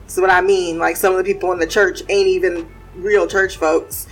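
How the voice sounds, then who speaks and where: A woman talking casually about a TV series, animated and blunt, laughing and swearing as she goes. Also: on the low side, normal speed, faint music behind, low-quality recording. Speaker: TV series commentator. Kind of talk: casual reaction commentary.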